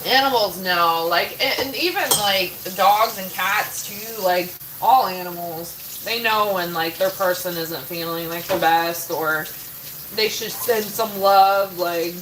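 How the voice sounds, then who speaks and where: With a fairly low voice and a measured pace, a woman chats casually with her viewers while doing chores in her home kitchen. She rambles, says "like" constantly and swears casually, and there's noise in the background.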